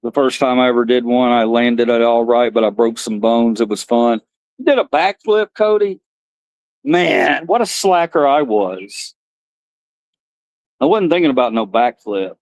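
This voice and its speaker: A man's voice: medium pitch, normal speed, a little mellow, no room sound. Guy in his middle years rambling on a live stream, dry close mic sound. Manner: rambling storyteller, laughs at himself. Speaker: livestream host. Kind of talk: casual live-stream chat.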